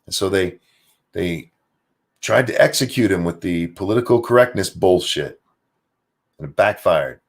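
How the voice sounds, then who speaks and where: A man hosting a ranting political livestream, swearing freely and reading out viewer donation messages. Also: sits low. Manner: profane, ranting, reads donor messages aloud. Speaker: political commentary livestream host. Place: home, near geese outdoors.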